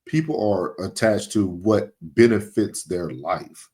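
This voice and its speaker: A man's voice: on the low side, takes it slowly, mellow. A man hosting a casual conversation, agreeable, often chiming in with short affirmations. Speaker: host.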